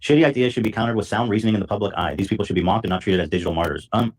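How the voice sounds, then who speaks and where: A man's voice: fairly low pitch, racing, a little mellow, poor audio. A man hosting a podcast, chatting casually and rambling with restarted sentences. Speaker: podcast host.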